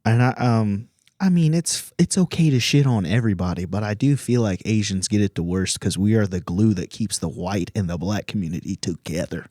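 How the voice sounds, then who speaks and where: A man's voice: lowish voice, brisk, dark tone, no room sound, studio quality. A man from Virginia, a comedian hosting a podcast, telling rambling, profane stories in casual chat and laughing often.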